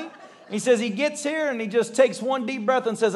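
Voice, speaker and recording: A male pastor preaching a sermon, telling stories in an animated way and acting out the voices of the people in them. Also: very high voice, fairly quick, slight background noise. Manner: animated storytelling with acted-out voices and laughter.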